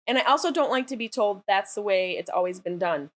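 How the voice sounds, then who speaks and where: A woman comedian guesting on a podcast in a studio, an animated storyteller with a big laugh in casual chat. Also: medium pitch, a little fast.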